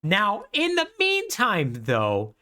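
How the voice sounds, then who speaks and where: A man's voice: high-pitched, slow pace. A man co-hosting a podcast, casually retelling a story with jokes and laughs. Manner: animated storytelling, laughing at his own jokes. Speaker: podcast co-host. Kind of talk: casual chat.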